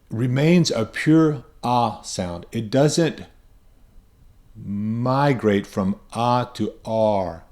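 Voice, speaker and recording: A man's voice: mid-range voice, a little mellow. Patient male pronunciation teacher. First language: English. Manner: patient, demonstrates sounds by repeating them. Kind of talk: explanatory lesson with spoken examples.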